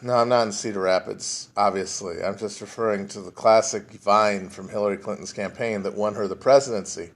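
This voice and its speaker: A man's voice: lowish voice, fairly even intonation, brisk, hardly any pauses. A man hosting a casual solo livestream from home, rambling and swearing, breathing heavily into a phone mic. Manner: rambling, profane and self-deprecating. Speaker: podcast host. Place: at home, alone.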